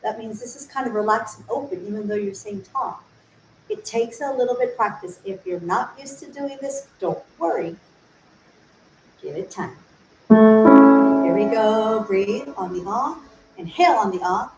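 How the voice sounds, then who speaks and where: A woman's voice: fairly high pitch, animated, moderate pace, faint music behind. A woman voice teacher giving an informal livestream lesson, explaining patiently, asking rhetorical questions and demonstrating sung syllables. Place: room, solo livestream. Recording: echoey room, faint ambience.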